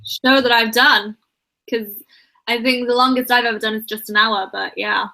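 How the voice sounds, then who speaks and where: Woman, podcast guest on a video call, easygoing, with a bright tone. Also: on the high side, fairly even intonation, moderate pace, vocal fry, rough recording. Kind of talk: casual chat over video call.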